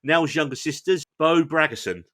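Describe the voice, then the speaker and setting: An enthusiastic male podcast host with a bright voice, talking through a show he enjoyed in easy, chatty review mode. He is playful and quick to poke fun at himself. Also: fairly high pitch, lively intonation. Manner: enthusiastic, chatty, self-deprecating. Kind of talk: casual review chat.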